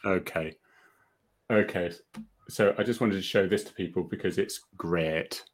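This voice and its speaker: A man's voice: sits low, measured pace. A man co-hosting a live online chat in a joking, chatty way, easily flustered by technical trouble. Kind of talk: casual live-stream chat.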